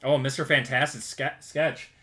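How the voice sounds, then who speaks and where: A man's voice: mid-range voice, flat delivery, moderate pace, bright, forceful tone, soft background music. A man hosting a casual livestream, upbeat and greeting viewers by name as they join. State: out of breath. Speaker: card break livestream host. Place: home.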